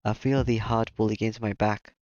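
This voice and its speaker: A man reading a visual novel aloud in steady first-person narration, over game music. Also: lowish voice, normal speed, noisy background. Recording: slightly dull lo-fi mic, game music behind.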